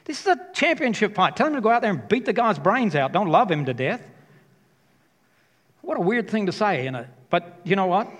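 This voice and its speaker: Passionate pastor in a reverberant hall. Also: male voice, high-pitched, sing-song, brisk. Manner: passionate, emphatic, repeats key phrases. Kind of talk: sermon.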